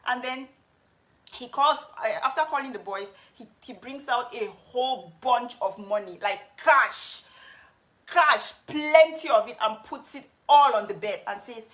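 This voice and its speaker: This vlogger, a woman, tells a personal story to camera, earnest and frank, restarting now and then. Her voice sits on the high side, unhurried and fairly bright.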